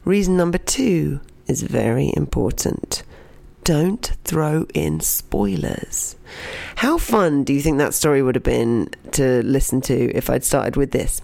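A young adult narrating a personal anecdote and then teaching its lesson. The voice has a gravelly fry and an expressive delivery that often sinks into a soft whisper. It is recorded close and dry, with no room sound. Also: medium pitch, a little slow, no room sound. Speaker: storytelling teacher. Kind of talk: told personal story and lesson.

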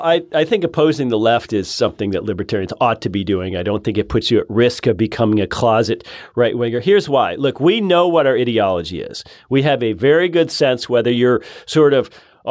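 A man's voice: medium pitch, darkish tone, no room sound, studio quality. A male guest in casual political chat, talking emphatically with frequent restarts.

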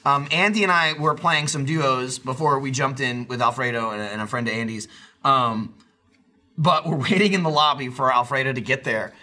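Bright-voiced man telling stories animatedly. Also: mid-range voice, moderate pace. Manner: animated storytelling, acts out quotes loudly. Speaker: podcast co-host. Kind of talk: casual group chat.

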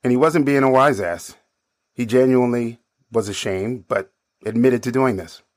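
A man narrating a personal anecdote from his bar job in a measured, dry way. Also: mid-range voice, no room sound. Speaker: storyteller.

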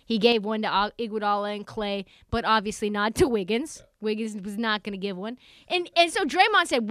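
A woman co-hosting a podcast, chatting about sports in an animated, jokey way and acting out quotes. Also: on the high side, a little fast, smooth, no room sound. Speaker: podcast co-host. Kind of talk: casual sports chat.

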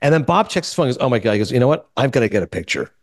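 A man hosting a podcast, telling a story in casual chat and quoting others in quick asides. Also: medium pitch, very animated, dry recording, studio quality. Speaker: podcast host.

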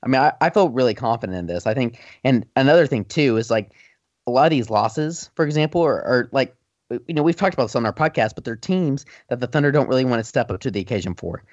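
A man's voice: medium pitch, lively intonation, fast talker, no room sound. A man co-hosting a podcast, chatting casually and rambling with lots of fillers. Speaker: podcast co-host. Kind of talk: casual sports chat. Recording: dull lo-fi audio.

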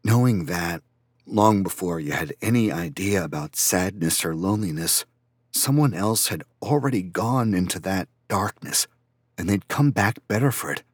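A man narrating a first-person audiobook in a quiet, reflective, even way. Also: deep voice, breathy edge, dry recording, studio quality.

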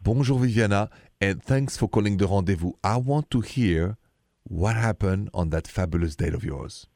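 A man's voice: fairly low pitch, normal speed, vocal fry, dry recording, clean studio sound. A man with a French accent hosting a radio advice call-in show, telling stories in a chatty manner. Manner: chatty, warm greetings, storytelling.

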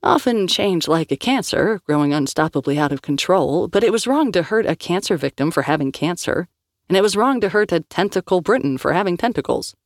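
A woman's voice: lowish voice, lively intonation, no room sound. Woman narrating an audiobook, dry. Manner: measured storytelling.

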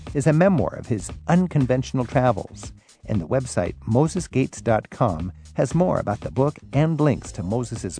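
A man's voice: medium pitch, vocal fry, warm tone. A man hosting a radio travel show and asking his guest curious, enthusiastic questions. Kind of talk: radio interview.

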